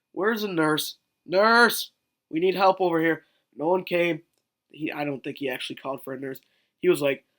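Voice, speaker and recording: A man's voice: a little high, a bit bright. Rambling, joking young-sounding man. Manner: rambling, joking, swears casually. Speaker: vlogger. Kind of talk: casual storytelling vlog.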